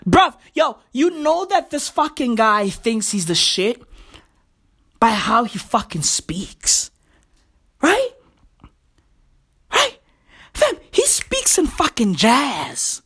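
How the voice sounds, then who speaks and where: A woman from South Africa tears into her subject in a profane, slang-heavy comedic rant. Her voice sits high and swings widely in pitch, and her delivery is drawn out and unhurried. She sounds openly incredulous. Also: sing-song, fairly bright tone. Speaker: commentator.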